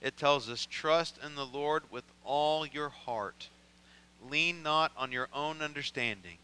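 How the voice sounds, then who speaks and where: A man's voice: on the high side, slow, sharp tone, smooth, poor audio. A man with a Midwestern American accent preaching a sermon as a pastor, building to impassioned prayer. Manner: preaching with swelling intensity, voicing scripture prayers.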